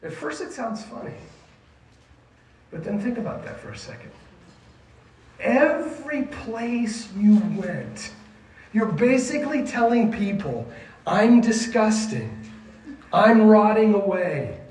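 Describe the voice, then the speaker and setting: High-voiced man preaching in an echoey room. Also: sing-song, unhurried, pauses often, darkish tone. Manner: emphatic, asks the audience questions. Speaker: youth pastor. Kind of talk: sermon. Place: room with a junior high group. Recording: echoey room, mic at a distance, faint ambience.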